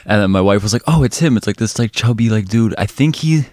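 Male podcast co-host, lower voice, rambling casual storyteller, laughs and swears, dry recording. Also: quick pace, a little mellow, no echo.

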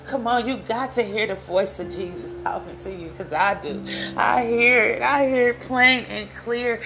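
A woman leading a Bible study, reading scripture aloud and preaching with fervor, repeating phrases and calling out to her listeners. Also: mid-range voice. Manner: fervent, repeats phrases, addresses listeners directly.

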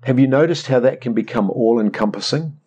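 Animated New man preaching. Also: medium pitch, brisk, husky. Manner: animated, rambling storyteller acting out prayers. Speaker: pastor. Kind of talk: conversational sermon.

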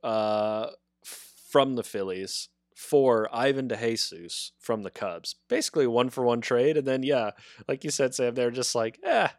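A man's voice: mid-range voice, moderate pace, dry recording, clean studio sound. A man co-hosting a casual baseball podcast, alternating loose banter with read narration. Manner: relaxed, reads history segments, chuckles often. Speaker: podcast co-host.

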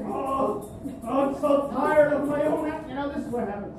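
A man's voice: extremely high pitch, normal speed, very echoey, over music. A man doing a live stand-up set in a comedy club, manic, rambling and self-mocking, secretly recorded from a distance.

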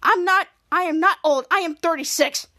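Woman playing a loud, bumbling superhero man. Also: very high-pitched, moderate pace. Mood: goofy. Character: goofy adult male superhero, loud and bumbling.

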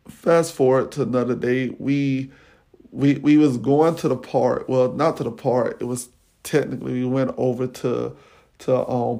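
Brief: male podcast host recounting his childhood, relaxed and slangy, with a fry in his voice. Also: mid-range voice. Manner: casual, slangy, animated retelling with many fillers. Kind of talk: personal storytelling.

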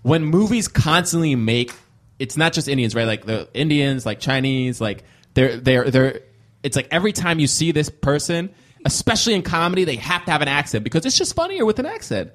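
Lively-voiced man co-hosting a podcast. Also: a little high, brisk. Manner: thinking aloud, many fillers and restarts. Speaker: podcast co-host and comedian. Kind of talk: casual podcast chat.

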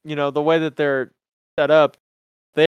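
On a podcast, a young co-host spins a comic tale in relaxed chat, frequently breaking into laughter and performing the characters' voices with lively storytelling. His smooth voice sits on the high side at a moderate pace. The audio has no echo but sounds dull.

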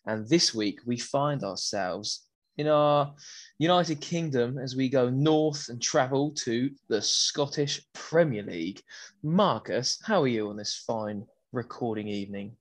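A man's voice: mid-range voice, unhurried, dry recording. Guy hosting a footy podcast, rambles a bit, dry mic. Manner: rambling, with frequent restarts. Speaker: podcast host. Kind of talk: casual football podcast chat.

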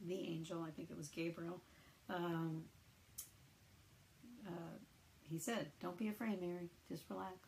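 A woman's voice: fairly low pitch, gravelly, darkish tone, a little hiss or hum, low-quality recording. A woman reading the Bible aloud and thinking it through in casual, hesitant talk full of fillers. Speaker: Bible reader.

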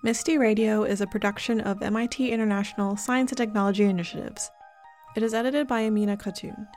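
A woman radio host closing the show, reading credits in a measured way. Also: mid-range voice, steady tone, a little mellow, soft background music. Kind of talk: scripted show outro.

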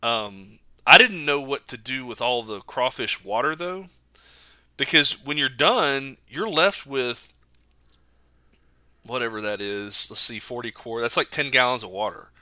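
A man's voice: medium pitch, unhurried, sharp tone, no echo. A man co-hosting a podcast, chatting casually and telling jokey stories. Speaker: podcast co-host. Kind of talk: casual chat.

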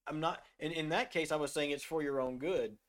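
A man's voice: on the high side, brisk. A middle-aged man in a casual faith discussion, telling a personal story in an earnest way and now and then reading scripture aloud. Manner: earnest, storytelling, drops to a soft voice when quoting himself.

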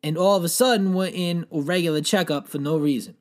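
Man, slightly higher voice, deadpan rambling comic storyteller who swears and acts out frantic quotes. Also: fast. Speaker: comedic storyteller. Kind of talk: absurd improvised comedy monologue.

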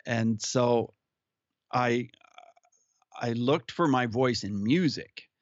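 A man speaks as an interview guest, recounting his past in an earnest, unhurried way. His voice sits at an ordinary pitch, and the sound is a bit muffled and lo-fi. The room adds almost no reverb. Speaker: podcast guest who hosts his own show. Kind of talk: personal storytelling in conversation. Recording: slightly muffled audio.

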